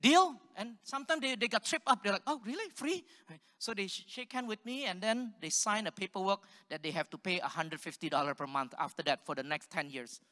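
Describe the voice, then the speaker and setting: Animated man preaching in a reverberant hall. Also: high-pitched, fast, hardly any pauses. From Singapore. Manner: animated storytelling with laughs and audience questions. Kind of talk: sermon.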